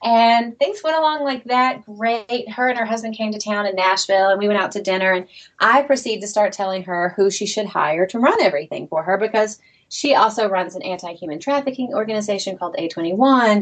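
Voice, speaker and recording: A middle-aged woman, an author appearing as an interview guest, recounts her story with a mid-range voice. She's lively and self-deprecating, laughing often as she goes.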